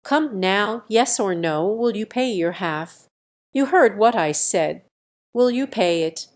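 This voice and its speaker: A woman voicing a big, slow-witted husband who shouts and growls at his wife in an audiobook. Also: medium pitch, lively intonation. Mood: angry.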